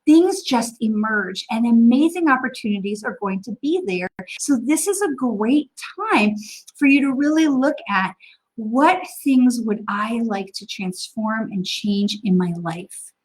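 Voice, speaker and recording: A woman in her fifties, a psychic medium, talking through a casual live stream and answering questions in an encouraging, chatty way with frequent filler pauses. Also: on the high side, lively intonation, poor audio.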